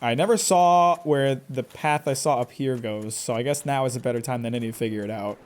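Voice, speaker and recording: A man's voice: medium pitch, a little fast. A man streaming a game live, joking and trash-talking the boss and characters as he plays. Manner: jokey, talks back at the game. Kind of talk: live gameplay commentary.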